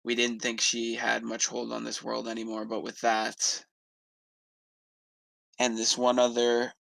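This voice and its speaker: A man playing a grieving, protective male adventurer, telling a slow, halting story in character during a tabletop role-play. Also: medium pitch, gravelly, bright, forceful tone, no echo, heavily acted, low-quality recording.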